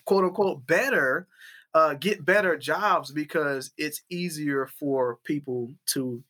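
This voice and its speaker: A man's voice: a little high, slow pace. A man co-hosting a casual chat, telling stories and acting out the quotes with animation. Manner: animated storyteller, acts out quotes. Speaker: podcast co-host.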